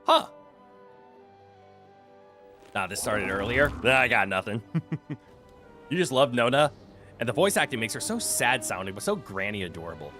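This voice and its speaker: A man's voice: mid-range voice, big pitch swings, normal speed, pauses often, sharp tone, soft background music. A man streaming a video game, chatting playfully with his viewers and laughing often. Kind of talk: casual gameplay commentary.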